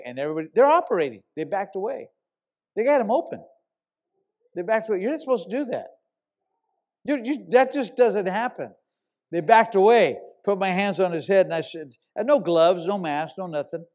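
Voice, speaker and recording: An older man preaching with a voice pitched a little above the usual for men. He tells his story in a loose, conversational way, then suddenly climbs into loud, emphatic shouts. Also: moderate pace. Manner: animated storyteller, bursts into loud shouts when quoting himself. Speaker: pastor. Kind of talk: sermon storytelling.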